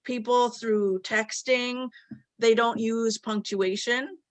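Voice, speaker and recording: A woman's voice: a little high, steady tone, slow, dry recording. A woman hosting a casual conversation, earnestly explaining at length with quoted examples. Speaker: host.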